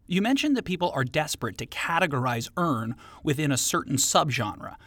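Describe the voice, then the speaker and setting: A man's voice: fairly high pitch, fairly bright tone, no room sound. A male interview host reading jokey, scripted questions in a playful, theatrical way. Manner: playful, joking, theatrical delivery.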